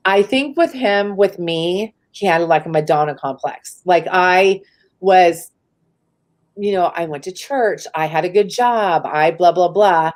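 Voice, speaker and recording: A woman from the San Francisco Bay Area, a guest in a live interview, shares a personal story casually and candidly, saying "like" often and swearing freely. Her voice is lowish and darkish in tone, and she speaks a little slowly.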